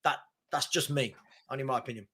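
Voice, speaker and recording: A man co-hosting a football podcast, telling stories in a casual, excitable, incredulous way. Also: mid-range voice, fast talker, breathy edge. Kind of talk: casual chat.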